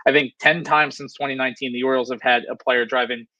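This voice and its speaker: A man hosting a casual sports chat, talking fast and animated about his team. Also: mid-range voice, no echo. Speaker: podcast host. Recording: dull, lo-fi, dry sound.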